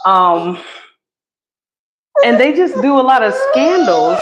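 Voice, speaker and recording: A woman's voice: fairly high pitch, big pitch swings, slow pace, dull audio, noisy background. A woman hosting a casual live stream from home, chatting with her viewers and her baby and laughing often. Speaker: livestream host.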